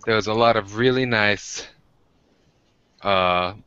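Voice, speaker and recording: A man's voice: on the low side, takes it slowly, pushed and bright, clear, resonant tone, no echo, lo-fi sound. An American man co-hosting a podcast, telling rambling, self-deprecating stories in casual chat with many restarts. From United States. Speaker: podcast co-host.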